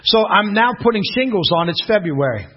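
A middle-aged male preacher from western Pennsylvania, telling a personal testimony in an animated sermon and often asking the audience questions. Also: sits high, fairly quick, husky, dull audio. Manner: animated storytelling, with repeated rhetorical questions to the audience.

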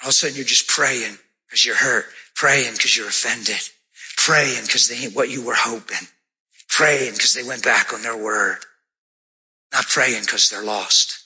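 A man preaching a sermon, telling a story with lively, animated delivery and jumping into high-pitched voices for the people in it. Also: a little slow, slightly rough. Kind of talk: sermon with testimony.

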